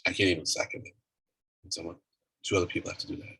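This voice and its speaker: Very low husky man chairing a call. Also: fairly even intonation, bright, forceful tone, no room sound, rough recording. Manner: halting, many restarts and fillers. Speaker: meeting chair. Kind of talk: casual virtual meeting talk. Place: home office on a video call. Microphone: video call.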